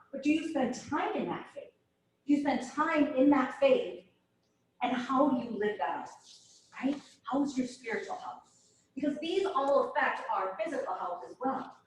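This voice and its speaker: A woman's voice: high-pitched, a little hiss or hum. A middle-aged woman giving a motivational talk, asking her audience question after question. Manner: asks the audience many questions. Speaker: speaker. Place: room with a live audience. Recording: roomy echo from far off.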